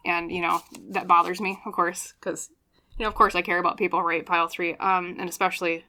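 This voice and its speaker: Bright-voiced woman giving a tarot reading. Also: lowish voice, little pitch movement, brisk. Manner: chatty, often checks in with "okay?"; earnest and apologetic, openly emotional. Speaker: tarot reader. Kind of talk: pick-a-card tarot reading.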